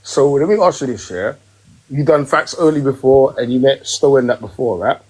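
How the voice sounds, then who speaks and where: A man hosting a podcast live stream from home, ranting emphatically in casual chat and rising in pitch when worked up. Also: normal speed, a little mellow, breathy edge, rough recording. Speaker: podcast host. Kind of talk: heated casual rant.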